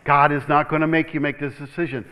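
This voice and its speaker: A male pastor with a fairly high voice preaches quickly in a church, and the recording quality is low. His delivery is animated: he keeps calling "Amen?" out to the room, chuckles, and repeats words as he builds momentum.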